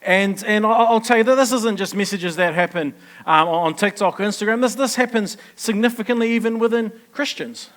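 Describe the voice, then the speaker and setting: Pastor, high male voice, chatty sermon that keeps checking in with the room. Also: brisk, fairly bright tone. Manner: chatty, asks the congregation questions. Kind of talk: conversational sermon.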